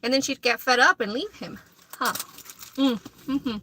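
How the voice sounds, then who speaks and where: A woman vlogger telling celebrity gossip in a chatty, animated way while eating, often checking in with "okay?" and "you know". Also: high-pitched, normal speed. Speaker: mukbang vlogger.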